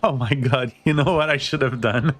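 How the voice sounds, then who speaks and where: A man's voice: medium pitch, normal speed, a bit bright. A man streaming a game with friends, teasing them, laughing and swearing in casual chat.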